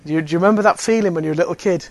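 A man with a fairly high voice gives a relaxed faith talk to a group. He speaks casually and fills his sentences with "you know". He also drops in teasing jokes. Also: rapid-fire. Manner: conversational, many fillers, joking asides. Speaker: Alpha course speaker. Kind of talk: evangelistic talk.

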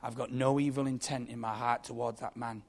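A man voicing a soft-spoken forgiving pastor. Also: medium pitch, level tone, a little fast, close to an everyday voice. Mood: gentle. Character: grieving middle-aged male pastor, calm and forgiving.

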